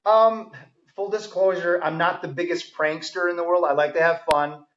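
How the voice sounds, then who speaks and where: Firefighter guest, enthusiastic storyteller, higher voice, dull lo-fi audio. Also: male voice, steady tone, normal speed, fairly bright tone. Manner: enthusiastic storyteller, many ums and restarts. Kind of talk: casual podcast conversation.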